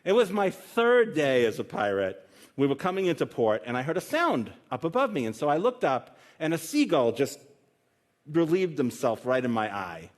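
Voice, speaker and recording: A man voicing an old male pirate in a spoken joke, deliberately with no pirate accent, telling tall tales in a matter-of-fact way on a conference stage. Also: on the high side, very animated, pitched above the performer's own voice. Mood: deadpan. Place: conference stage with live audience.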